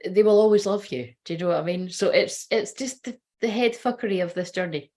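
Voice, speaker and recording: A woman's voice: medium pitch, fairly quick, mellow. A woman who works as a spiritual reader, chatting casually on a livestream, rambling, giggling and swearing freely.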